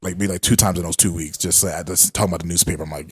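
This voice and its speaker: A man's voice: low voice, steady tone, very fast, breathy edge, dry recording, clean studio sound. A young man co-hosting a podcast, chatting casually and telling stories in a laid-back way. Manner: laid-back, storytelling with acted quotes. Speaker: podcast co-host. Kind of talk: casual chat.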